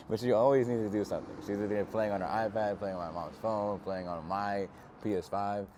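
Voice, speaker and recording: A man's voice: on the low side, fairly even intonation, moderate pace, darkish tone, slight background noise. A young man giving an earnest, casual self-help talk to camera, reflective and slangy.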